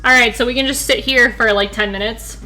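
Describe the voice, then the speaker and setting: Bright, slightly high woman streamer who reads game lines aloud and jokes between them. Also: fairly even intonation, brisk, soft background music. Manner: joking, breaks off to comment and laugh. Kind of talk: live game playthrough, reading lines aloud.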